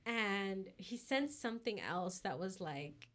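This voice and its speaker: A woman's voice: medium pitch, expressive, slow pace, fairly bright tone. A woman co-hosting a podcast, telling a story in casual chat, full of "like" and "you know", acting out what each person said. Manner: filler-heavy, acts out quoted voices. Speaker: podcast co-host.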